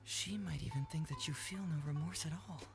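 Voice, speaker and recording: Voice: medium pitch, brisk, creaky, close to an everyday voice. A voice actor playing a cunning, teasing young male detective in a video game. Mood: coaxing. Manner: sly, playful, persuasive. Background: game music.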